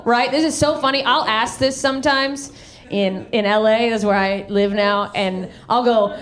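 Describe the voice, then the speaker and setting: A woman from the American South doing a live stand-up comedy set on a handheld stage mic, brash, swinging her voice high and low for punchlines. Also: normal speed. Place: live comedy venue with audience. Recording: live show with crowd laughter. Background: audience laughter.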